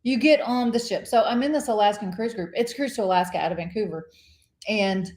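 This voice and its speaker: A woman co-hosting a casual live cruise chat show, an animated storyteller who laughs often. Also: medium pitch, brisk, roomy sound.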